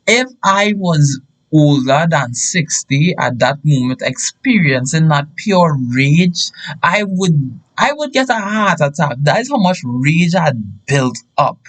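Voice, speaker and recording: A young man with a fairly high voice tells a personal story. His delivery is animated and emphatic, and it rises into bursts of shouting when the story heats up. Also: takes it slowly, poor audio. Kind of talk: casual story time.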